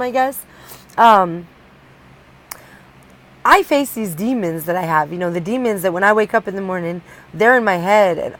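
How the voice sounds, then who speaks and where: A woman's voice: medium pitch, rough recording. A young woman talking candidly in a personal vlog, rambling and restarting often as she opens up. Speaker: vlogger.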